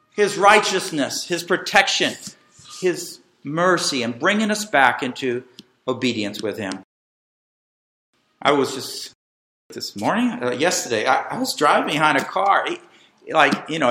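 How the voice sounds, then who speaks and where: A middle-aged man preaching a sermon as pastor, emphatic and animated, calling the congregation to repeat after him. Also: high voice. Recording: echoey room.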